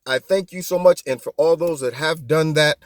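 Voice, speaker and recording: A man hosting his own political commentary show, talking in an animated, mocking way full of rhetorical questions. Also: a little high, normal speed, no echo, clean studio sound.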